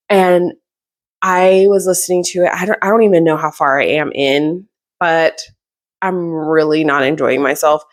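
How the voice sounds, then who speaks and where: A young woman with a slightly low voice talks through her recent reads in a loose, rambling way. She stops and restarts often and fills gaps with "um" and "like.". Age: young adult. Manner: chatty, rambling, many fillers and restarts. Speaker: book reviewer. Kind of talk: casual book review chat.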